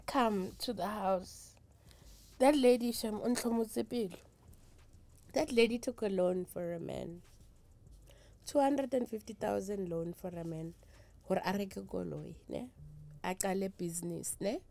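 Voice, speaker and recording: A woman's voice: mid-range voice, vocal fry. A middle-aged woman with a South African accent, a traditional healer talking candidly in an interview, emphatic and emotional. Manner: mixes English with Zulu and Sotho, emphatic and emotional.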